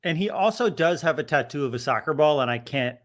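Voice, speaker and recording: A chatty man co-hosting a postgame soccer podcast, his fairly high voice rising and falling a lot. He's playful and quick to toss questions to the others. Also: lively intonation. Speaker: podcast co-host. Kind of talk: casual postgame chat.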